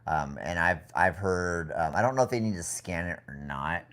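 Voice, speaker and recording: A man co-hosting a casual live stream from home, talking in a relaxed, rambling way with many fillers and restarts. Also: low-pitched, moderate pace. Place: home indoors with a TV in the background.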